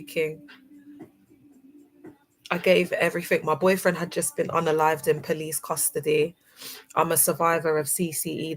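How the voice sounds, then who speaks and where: Young adult woman, lower voice, teary and sniffling, effusive livestream host. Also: rough recording. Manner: tearful and effusive, greeting viewers by name. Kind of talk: emotional livestream chat.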